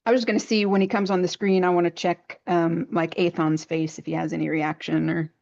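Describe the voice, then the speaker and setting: A woman playing a tabletop game, asking the game master quick, chatty questions. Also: fairly low pitch, level tone, creaky, darkish tone, lo-fi sound. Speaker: player. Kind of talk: casual tabletop play.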